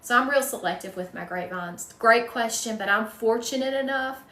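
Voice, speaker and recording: A woman's voice: fairly high pitch, moderate pace, bright, forceful tone, roomy sound, far from the mic, poor audio. A woman from North Carolina with a strong Southern accent, chatting folksily with her live-stream viewers, answering questions and calling them y'all. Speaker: wreath maker hosting a live stream.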